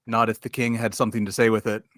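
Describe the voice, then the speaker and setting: Man playing tired old giant knight, low weary mutter, bitter and resigned. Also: fairly bright tone, no room sound, studio quality, lightly acted.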